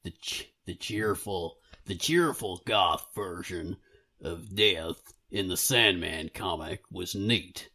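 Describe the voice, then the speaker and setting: Jokey brit guy, kinda low voice but swoops all over the place, reading stuff out. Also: fairly bright tone. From Britain. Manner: playful, jokey, laughs easily. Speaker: podcast co-host. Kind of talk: casual chat, reading listener mail.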